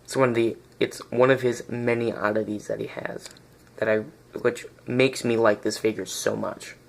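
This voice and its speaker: A man with a gravelly, fry-edged voice, recorded on a phone, talks through a toy review in a loose, unscripted way. He wanders, hunts for words and circles back on himself as he goes. His pitch sits in an ordinary middle range. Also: flat delivery, normal speed. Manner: rambling, searches for words and restarts often.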